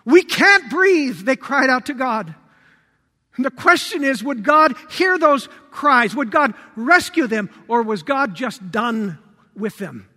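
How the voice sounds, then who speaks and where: A man preaches a sermon in a strikingly high and bright voice. He leans on repeated rhetorical questions, rising to force and then falling to a hush. The sound carries the long reverb of a large hall. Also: lively intonation, slow. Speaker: pastor.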